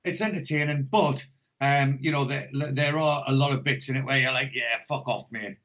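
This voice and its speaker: An English man co-hosts a podcast in a steady, slightly bright mid-range voice at a moderate pace. He rambles casually with lots of swearing and jokes, and the podcast audio sounds dull and lo-fi.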